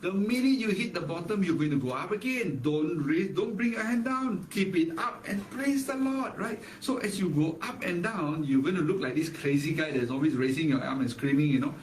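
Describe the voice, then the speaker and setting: A man preaching a morning devotional as pastor, animated and emphatic, often tagging lines with "right?". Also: on the high side, fairly quick, hardly any pauses, a little hiss or hum. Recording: echoey room, mic far off.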